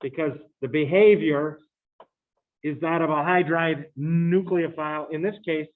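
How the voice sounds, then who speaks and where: A chemistry lecturer with a fairly high voice teaches in a relaxed, unhurried, chatty way, slipping joking asides to his students. The recording of his lecture sounds thin and tinny, as if it came over a phone line.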